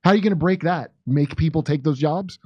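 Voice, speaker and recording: A man's voice: fairly high pitch, fairly quick, darkish tone, slightly rough, no room sound, dull audio. A man, a comedian guest on a talk show, chatting casually with wry, mocking quips. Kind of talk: casual political chat.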